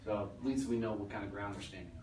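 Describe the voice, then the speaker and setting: A man's voice: lowish voice, steady tone, quick pace. A man giving a live motivational talk to a small audience, blunt and profane with a joking edge. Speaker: speaker at a business lunch event. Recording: roomy, distant mic, faint noise.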